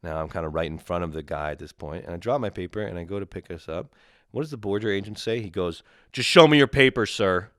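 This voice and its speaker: A man's voice: deep voice, quick pace, no room sound, clean studio sound. A young man from Canada ranting casually and profanely, exasperated and mocking the people he describes. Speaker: comedian ranting solo. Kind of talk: casual comedic rant.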